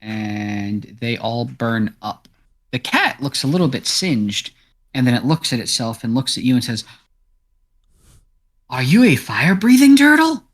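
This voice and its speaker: A man leading a tabletop role-playing session as game master, narrating each scene in relaxed, steady tones. His voice sits at a middle pitch with a husky, breathy texture. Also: a little slow.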